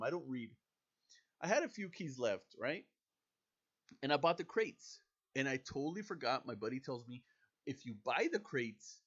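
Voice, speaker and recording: A man chatting casually over a video game, excitable and self-deprecating. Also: mid-range voice, breathy edge, lo-fi sound. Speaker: gaming YouTuber. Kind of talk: casual gameplay commentary.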